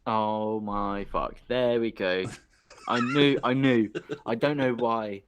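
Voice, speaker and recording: A man's voice: medium pitch, fairly even intonation, slow, a little hiss or hum. A man from the United Kingdom hosting a casual podcast interview, bantering, swearing and laughing often. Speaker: podcast host.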